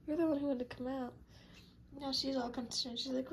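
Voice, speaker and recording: A woman with a high, light voice coos and babbles to a litter of kittens, often softening to a near whisper. A faint hiss of room noise sits under her. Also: fairly even intonation, brisk, creaky. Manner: cooing baby talk, soft and hushed at times. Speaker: cat breeder. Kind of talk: casual talk to kittens.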